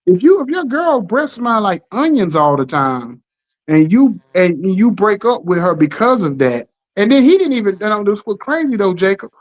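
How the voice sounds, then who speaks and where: A middle-aged man hosts a casual podcast chat. He tells his stories in a lively way, acts out what other people said, and keeps checking that the listener is following. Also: high-pitched, moderate pace, low-quality recording. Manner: animated storytelling, acts out quotes, keeps asking "you know what I'm saying". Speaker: podcast host.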